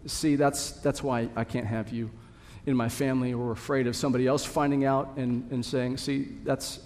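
A pastor preaches to his congregation in a church sanctuary, earnest and building toward emphatic repetition. His medium-pitched voice stays fairly level, moves at a normal speed, and has a slightly mellow quality. A long hall reverb surrounds the recording.

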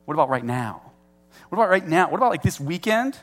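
A man's voice: fairly high pitch, big pitch swings, fast, fairly bright tone, in a large hall, faint music behind. A man acting out a frightened young male disciple who pleads anxiously and repeats himself. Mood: scared, pleading.

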